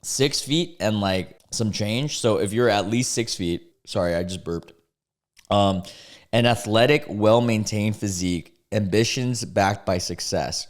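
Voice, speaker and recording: A man's voice: on the low side, a little slow. A man in his twenties from the United States, reading dating app posts aloud and reacting in a casual, amused way, laughing often and trailing off mid-thought. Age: 20s.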